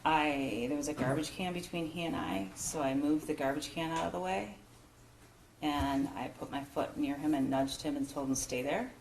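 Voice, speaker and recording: A woman, a school principal, giving halting courtroom testimony with many pauses and restarts. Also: sits low, gravelly, darkish tone, slight background noise. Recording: roomy courtroom broadcast audio.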